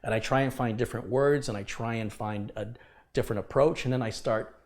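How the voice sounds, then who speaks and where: A man's voice: mid-range voice, fairly quick. A man hosting a live computer repair stream, talking casually but with passion and emphasis, lecturing his viewers. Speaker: livestream host. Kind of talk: casual livestream talk.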